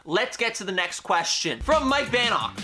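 A man's voice: sits high, moderate pace. Young male vlogger, peppy and opinionated, casual Q&A delivery with music underneath. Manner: energetic, playful, opinionated. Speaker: YouTube host. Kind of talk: casual Q&A vlog.

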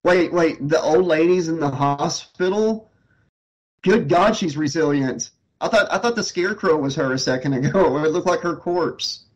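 A man riffing over a movie as co-host. His voice sits a little high, and his delivery is loose and joking. He laughs often between lines. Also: normal speed, highs cut off. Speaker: co-host of a movie riff commentary.

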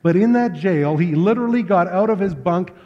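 A man preaching a sermon, telling stories in a relaxed, conversational way. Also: sits high, a little fast. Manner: conversational, anecdotal storyteller. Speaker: pastor. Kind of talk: storytelling sermon. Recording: dull lo-fi sound with long hall reverb.

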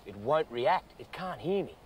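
Australian male wildlife presenter, higher voice, very animated delivery, noisy outdoor field recording. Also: breathy edge. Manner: excitable and animated, quick exclamations. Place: outdoors in the bush.

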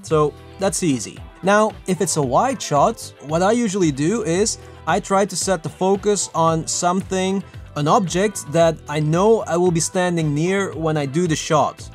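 Lively high-voiced man giving filmmaking tips. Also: unhurried, faint music behind. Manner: lively, self-mocking, chatty. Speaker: filmmaking vlogger. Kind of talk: casual tutorial talk to camera.

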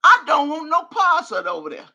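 A woman's voice: sits high, sing-song, a little fast, bright, forceful tone. Older woman ranting, profane and fierce. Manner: angry, profane, confrontational. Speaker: livestream host. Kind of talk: live reaction stream, reading chat and ranting.

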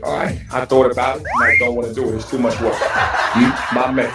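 A man playing a smooth, self-satisfied male movie star who talks in a lazy, flirtatious way. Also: medium pitch, flat delivery, a little fast, natural voice. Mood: smug. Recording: roomy, distant clip over loud music.

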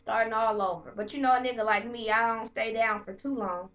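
A high-voiced woman vents to camera in a casual vlog, swearing and animated as she tells her story. Her voice is bright and sharp. The home recording sounds dull and lo-fi. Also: brisk, recorded from a distance, faint music behind. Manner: profane, heated, animated storytelling. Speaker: vlogger.

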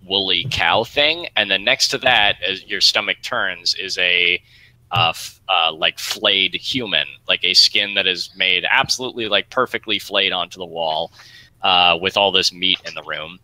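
A man narrating a tabletop game as game master, describing scenes in a halting way with many fillers. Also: sits low, pushed and bright, dry recording, poor audio.

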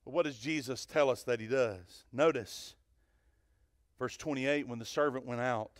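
A male pastor preaching a sermon in church, animated, swinging from loud to hushed and questioning the congregation. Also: medium pitch, moderate pace, no echo, studio quality. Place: church sanctuary.

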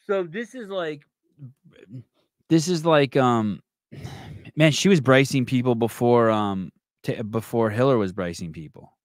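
Here a man hosts a podcast at a measured pace, his voice medium in pitch. He rambles loosely, curses frequently and keeps starting over, all captured in studio quality with no room sound.

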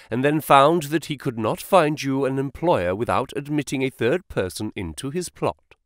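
A man voicing a sharp male detective who reasons aloud in an audiobook reading. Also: mid-range voice, dry recording, clean studio sound.

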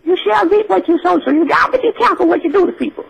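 Speaking extremely high and fast, a man performs a comic call-in bit as an elderly church grandmother, with a gravelly, fairly bright tone and an exaggerated voice. The older character is effusive and preachy, calling everyone sugar and repeatedly exclaiming Lord and Jesus. The recording is rough.

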